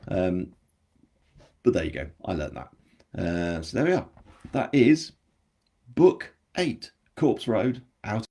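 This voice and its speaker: A man's voice: low-pitched, sing-song, unhurried, gravelly, long pauses, mellow. An English man with a general English accent, an author chatting casually on a live stream, rambling and self-deprecating as he answers viewer comments. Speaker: author hosting his book launch.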